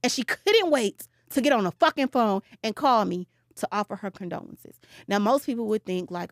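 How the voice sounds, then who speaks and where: A woman's voice: medium pitch, normal speed, few pauses, no room sound, clean studio sound. A young woman telling a personal story on a podcast, blunt and profane, acting out the people she quotes. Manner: blunt and profane, animated retelling with quoted voices. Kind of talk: candid storytelling, casual podcast chat.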